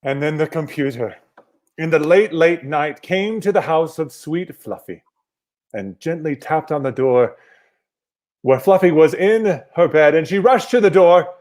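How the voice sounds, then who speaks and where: Man gently narrating an improv tale. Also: fairly high pitch, unhurried. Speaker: improv performer. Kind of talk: storybook-style improvised narration.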